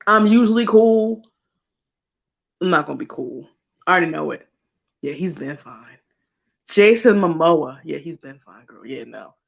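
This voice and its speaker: A woman's voice: fairly low pitch, animated, normal speed, creaky, highs cut off. Giggly, gushing woman on a livestream. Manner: giggly, gushing, chatty with frequent laughs; talks to chat viewers directly. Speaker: livestream host. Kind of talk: casual livestream chat.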